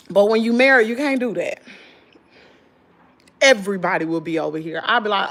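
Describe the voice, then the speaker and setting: Tired Southern woman venting to viewers. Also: moderate pace. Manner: animated, swings from loud exclaims to low muttering; folksy slangy talk, addresses viewers as y'all. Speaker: channel host. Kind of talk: casual venting chat to viewers.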